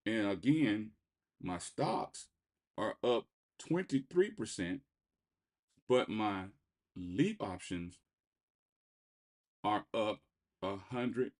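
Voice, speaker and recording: A man hosting a trading channel, giving live market commentary over his screen in an excitable, rambling way, repeating himself and swinging between loud bursts and quiet muttering. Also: lowish voice.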